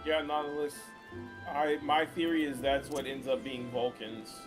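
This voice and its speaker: A man trading joking, quick asides as a friend on voice chat during a gaming stream. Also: medium pitch, flat delivery, music in the background. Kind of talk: casual banter on a gaming stream.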